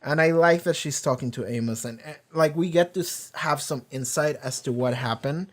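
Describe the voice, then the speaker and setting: A man giving loose, unscripted reaction commentary on a TV episode, rambling with lots of fillers and the odd curse, often trailing off softer at the end of phrases. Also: on the high side, normal speed. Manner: rambling, heavy use of "like", casual swearing. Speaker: TV series reaction streamer. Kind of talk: casual live reaction commentary.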